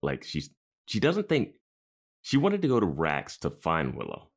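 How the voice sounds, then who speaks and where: A man with a very deep voice chats casually as a podcast co-host. He laughs easily and wonders aloud about scenes, his pitch rising and falling widely. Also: huge pitch swings, measured pace, slightly rough. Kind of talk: casual chat.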